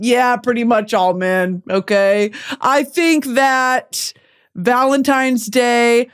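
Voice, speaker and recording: A high-pitched woman from Texas delivers a comedic podcast monologue, her voice swinging widely as she rants. She takes her time, stretching words out between bursts of profanity. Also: takes it slowly, clear, resonant tone. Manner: animated, profane ranting. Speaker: podcast host.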